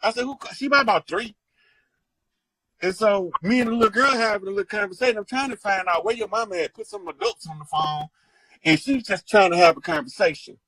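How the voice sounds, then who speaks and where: Man, high voice, husky, dry close sound, casual storytelling, animated and profane. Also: brisk, dry recording, rough recording. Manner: animated, profane, acts out quotes. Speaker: guest storyteller.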